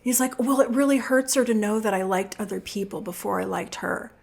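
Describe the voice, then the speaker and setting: A woman's voice: mid-range voice, fairly quick, gravelly. A middle-aged woman hosting a podcast, giving relationship advice and acting out quoted voices as she tells stories. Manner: animated storytelling, acts out quoted voices. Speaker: podcast host.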